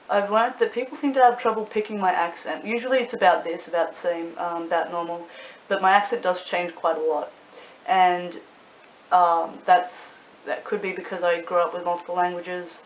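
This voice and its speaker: A young woman with an Australian accent, rambling casually to camera in a vlog, swearing freely and filling pauses with ums and likes. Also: on the low side, fairly even intonation. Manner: chatty, swears freely, rambling with many fillers. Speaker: YouTuber and club promoter. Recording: echoey room with faint hiss.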